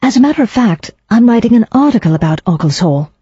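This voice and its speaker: Narrator doing a brisk, spirited young lady sleuth. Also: medium pitch, very animated, mellow, no echo, muffled recording, voice pushed up. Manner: brisk, crisp, a little tart. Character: spirited young aristocratic woman writer.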